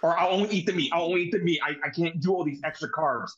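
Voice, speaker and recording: A man doing a male wrestler who has eaten far too many burgers and now whines and bargains to get out of eating the rest. His voice sits a little high, with a pleading, wheedling edge. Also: very fast, fairly bright tone, echoey room, dull audio, lightly acted. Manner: whiny, bargaining.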